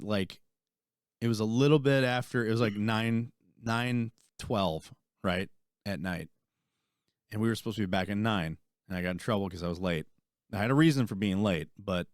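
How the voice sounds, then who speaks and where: Profane army veteran ranting, dry mic. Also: male voice, on the low side, no echo. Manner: rambling, profane, animated when retelling. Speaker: podcast co-host, army veteran. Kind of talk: casual storytelling chat.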